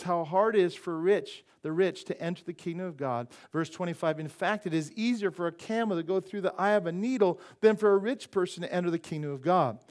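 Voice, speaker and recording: A high-pitched man delivering an emphatic sermon from the pulpit. He keeps asking the congregation questions and slips into voices for the people in the passage he reads. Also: darkish tone. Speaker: pastor.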